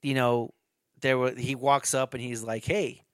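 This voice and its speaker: In clean studio sound with no room echo, a podcast co-host chats through a movie's plot, profane and rambling, voicing the characters' lines himself. His medium-pitched voice stays level and clean, moving at a moderate pace.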